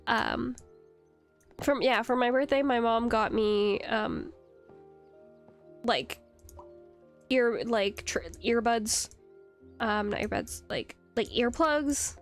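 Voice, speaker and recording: A woman's voice: fairly high pitch, slow, long pauses, soft background music. A young woman streaming a game, chatting casually, rambling and giggling as she answers her chat. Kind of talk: casual live-stream chat while gaming. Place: home computer setup.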